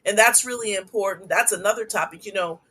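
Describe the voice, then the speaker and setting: A middle-aged woman, a former school superintendent, speaks fast in a husky mid-range voice as a guest in a casual interview. She animatedly tells stories from her years in schools, keeps tagging lines with "right?", and briefly acts out the people she quotes.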